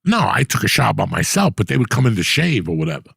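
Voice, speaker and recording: Casting: middle-aged male podcast host, gravelly and husky, swearing storyteller, dry close sound. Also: on the low side, sing-song, fast talker, a bit bright, no room sound. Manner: profane, rambling storyteller. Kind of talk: casual storytelling chat.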